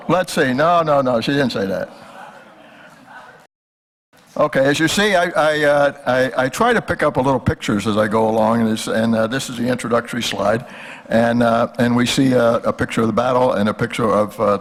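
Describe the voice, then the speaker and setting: An older man giving a history lecture at a symposium, telling jokes in a folksy way and pausing often with fillers. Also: medium pitch. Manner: folksy, hesitant with many fillers. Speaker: guest speaker, historian.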